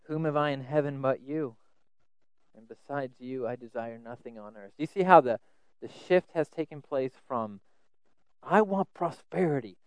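A man preaching a sermon, earnest, often repeating words as he stresses a point, swinging between loud emphasis and soft asides. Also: medium pitch, moderate pace, smooth, no room sound, poor audio.

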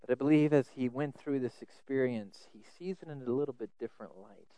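A man preaching a sermon, earnest, often repeating words as he stresses a point, swinging between loud emphasis and soft asides. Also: mid-range voice, fairly quick, clear, resonant tone, dry recording, low-quality recording.

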